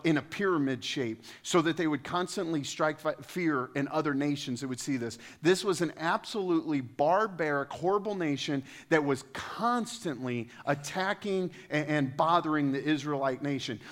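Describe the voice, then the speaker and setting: A man preaching a sermon to a congregation in a lively, conversational way, getting louder and higher when he quotes scripture and dropping into casual asides. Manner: animated, rises in pitch and volume when quoting scripture. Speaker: pastor.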